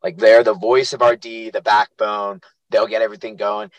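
Young male co-host, lively anecdote teller, dry close sound. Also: fairly low pitch, moderate pace, no echo, dull audio. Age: young adult. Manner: animated storyteller, acts out quotes. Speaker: podcast co-host and youth lacrosse coach. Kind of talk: casual chat.

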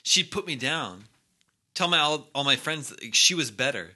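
A man's voice: a little high, expressive, moderate pace, bright, forceful tone. A man hosting a podcast, reading listener letters aloud and chatting in a wry, upbeat way. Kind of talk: casual comedic chat.

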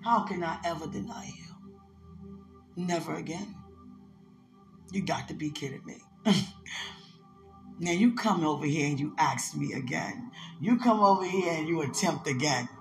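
Ecstatic slow prayer in a roomy echo. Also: mid-range voice, lively intonation, gravelly. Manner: emotional, laughing, swings from loud cries to hushed whispers. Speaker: person praying aloud. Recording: roomy echo with soft music.

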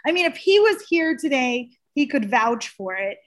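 Podcast host, woman, bright high voice, loose rambling chat with lots of fillers. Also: normal speed. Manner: animated, laughing, rambling with fillers. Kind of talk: casual chat.

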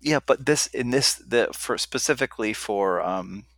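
A man's voice: medium pitch, animated, unhurried, fairly bright tone, no room sound. A man co-hosting a casual chat, talking in a rambling, hesitant way with many ums and restarts. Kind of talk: casual conversation.

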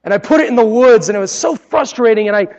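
A man preaching a sermon, telling personal stories in an earnest way and dropping to a hush at key moments. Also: sits high, animated, quick pace, big-room sound, muffled recording. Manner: earnest, personal storytelling with dramatic quiet drops. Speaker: pastor.

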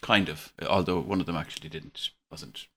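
An Irish man hosting a casual podcast football quiz, relaxed and chuckling, slightly tipsy. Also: low-pitched, moderate pace, a little hiss or hum. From Ireland. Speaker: quiz host.

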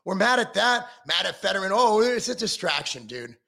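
Brief: middle-aged man, profane heated rant, high gravelly voice, swinging pitch. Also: sing-song, normal speed, pushed and bright. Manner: heated, sarcastic, swearing constantly.

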